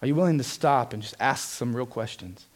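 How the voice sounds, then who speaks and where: A man's voice: mid-range voice, a little fast. A man preaching a sermon as pastor, earnest and emphatic, putting direct questions to his congregation.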